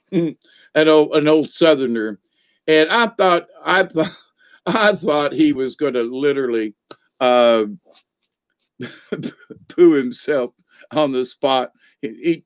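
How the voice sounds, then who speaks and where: A man's voice: medium pitch, no echo. A middle-aged man hosting a Catholic channel in a rambling, jokey livestream chat, cackling with laughter often.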